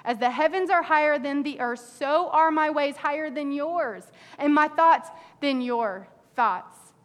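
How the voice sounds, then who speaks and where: A woman pastor preaching an animated sermon to her congregation, acting out people's prayers in an exasperated voice. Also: high voice, unhurried. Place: church sanctuary with a congregation. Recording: reverberant church hall.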